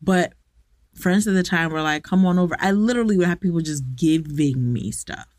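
A woman's voice: low voice, moderate pace, a little mellow, dry recording, studio quality. A young adult woman hosting a podcast, talking candidly and directly to her listeners in a reflective personal monologue, recorded in a walk-in closet at home. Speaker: podcast host.

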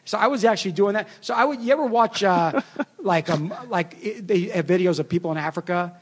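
High-voiced man telling rambling stories. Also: fairly quick. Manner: rambling, self-mocking storytelling with frequent laughs. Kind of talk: casual chat.

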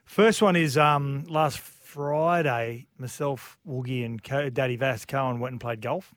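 A man's voice: mid-range voice, unhurried, dry recording, studio quality. A man telling a jokey golf story in casual chat. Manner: animated, jokey.

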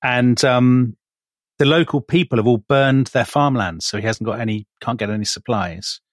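A man's voice: medium pitch, moderate pace, no echo. A man co-hosting a podcast, telling history in a chatty, teasing way. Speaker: podcast co-host. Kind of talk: casual history chat.

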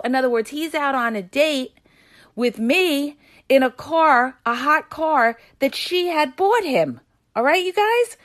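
A woman podcast host telling a dramatic personal story to her listeners, often checking in with them as she talks. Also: a little slow. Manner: animated, addresses listeners with "you guys" and "all right?"; dramatic retelling, gets loud and high at tense moments.

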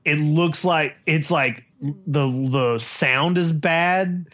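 A man's voice: a little high, very slow, a bit bright, highs cut off. A man co-hosting a casual podcast, easygoing and wry. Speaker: podcast co-host.

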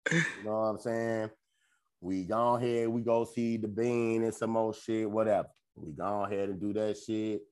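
A man's voice: on the low side, darkish tone, smooth. A man, telling a loose, profane weekend story on a podcast and slipping into quoted voices. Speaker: podcast co-host. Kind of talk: casual storytelling chat.

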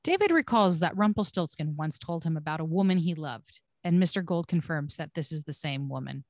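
A woman's voice: sits low, expressive, a little fast, a little mellow, dry recording, clean studio sound. A woman co-hosting a podcast, reading scripted episode recaps with blunt, swearing asides.

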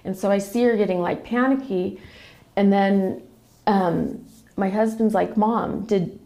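A woman guest on a podcast, talking through a personal family story in a casual, animated way. Her voice has a gravelly, creaky edge, and she keeps slipping into the voices of the people she quotes. Her pitch sits in an ordinary middle range. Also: normal speed. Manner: animated retelling, acting out quoted dialogue.

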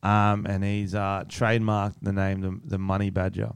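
A man with a smooth, clear voice bantering in a playful, giggly way on a podcast. The sound is dry and close, straight into a studio mic. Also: low-pitched, flat delivery, moderate pace, no room sound. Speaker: podcast co-host. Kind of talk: casual podcast chat.

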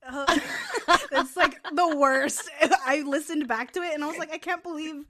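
A woman co-hosting a podcast among friends, animated and quick to laugh as she tells stories. Her voice sits a little high. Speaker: podcast co-host. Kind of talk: casual chat among friends.

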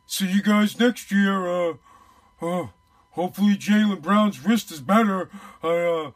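A man mocking a mopey, defeated coach. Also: high voice. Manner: mumbling, hesitant, resigned. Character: whiny defeatist male basketball coach.

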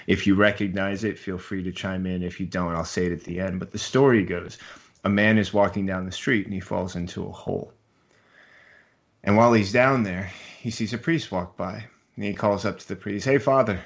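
Deep-voiced, measured male interviewer. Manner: measured, reflective, storytelling. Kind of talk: reflective conversational interview. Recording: dull lo-fi recording.

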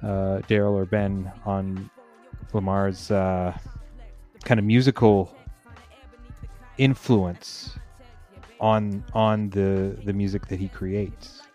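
Man, podcast host, fairly low voice, excitable, self-interrupting, faint music in the background. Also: slow, long pauses. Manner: animated, self-interrupting, bursts of exclamation. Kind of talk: casual album discussion.

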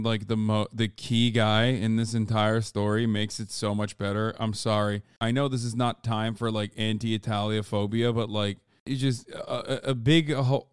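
Profane, excitable man streamer, smooth voice. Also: mid-range voice, no echo, clean studio sound. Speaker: streamer reacting to a documentary. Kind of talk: casual reaction commentary.

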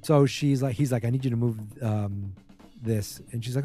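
A man's voice: medium pitch, moderate pace, warm tone, soft background music. A man casually recapping a TV episode, rambling with many fillers and acting out what the characters say.

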